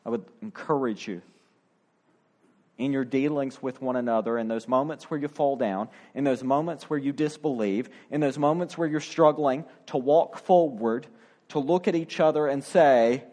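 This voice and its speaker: A man's voice: mid-range voice, normal speed, warm tone. A middle-aged male pastor preaching a sermon, acting out the quoted voices with drama.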